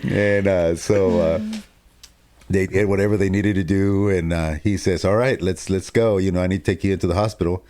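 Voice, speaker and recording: A man with a very deep, low voice tells a family story in a casual, animated way. He laughs often and acts out what everyone said along the way. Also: moderate pace. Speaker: co-host telling his testimony.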